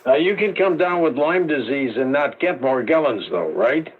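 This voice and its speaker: A male radio host with a slightly high voice sets up callers and pushes his guest with brisk, leading questions. The audio is thin and tinny, like an old broadcast. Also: lively intonation, breathy edge. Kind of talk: radio call-in interview.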